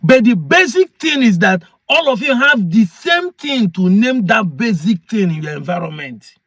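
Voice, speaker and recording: A man's voice: high-pitched, very animated, normal speed, fairly bright tone, no echo. A man with a Nigerian Igbo accent, a chief explaining a point earnestly and repeating key phrases. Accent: Nigerian English, Igbo. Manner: earnest, repeats points to drive them home. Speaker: community chief. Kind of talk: explanatory talk.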